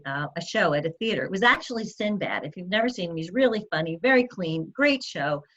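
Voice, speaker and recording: Woman in her sixties, motivational speaker, direct coaching tone, storytelling, slightly dull audio. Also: mid-range voice. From United States. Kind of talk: motivational talk.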